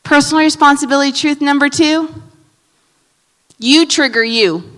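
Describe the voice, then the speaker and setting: A woman pastor preaching a sermon in an animated way, moving between loud emphasis and hushed asides. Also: sits high, moderate pace, in a large hall. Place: church sanctuary.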